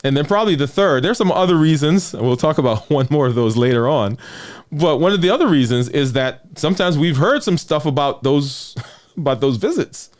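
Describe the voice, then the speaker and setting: A man speaks as a physician giving a conversational health talk. His pitch is lively and animated, and he often sinks low and quiet for emphasis. He keeps checking in with the listener and repeats phrases to drive a point home. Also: brisk. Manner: drops low and soft on key words.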